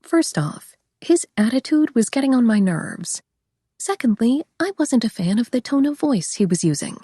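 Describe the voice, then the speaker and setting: A woman's voice: fairly high pitch, very animated, normal speed, warm tone, slightly rough, no echo, clean studio sound. A young woman reading a first-person audiobook in a wry, conversational way. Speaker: audiobook narrator.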